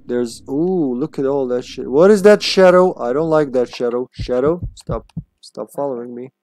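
A man's voice: medium pitch, steady tone, moderate pace, mellow, dry recording. A man streaming a game live, chatting casually with viewers and swearing freely as he plays. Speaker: livestream gamer. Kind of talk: casual live gameplay commentary.

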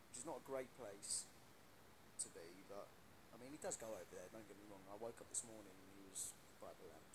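A young man, chatting playfully with fans in a casual live stream, slangy and quick to laugh. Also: medium pitch, background noise.

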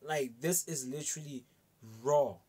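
Slow-talking man reacting with excited praise. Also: a little high, slightly rough. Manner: excited exclamations and repeated praise. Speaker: reaction video host. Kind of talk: casual reaction commentary.

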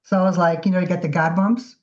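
A woman guest artist telling her story in a casual, animated interview. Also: fairly low pitch, fast talker. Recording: dull lo-fi audio.

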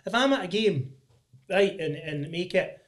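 A young Scottish man hosting a podcast, chatting casually and telling lively stories. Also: sits high, unhurried, heavy background noise. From Scotland. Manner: animated storytelling, mimics others' voices. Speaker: podcast host. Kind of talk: casual chat.

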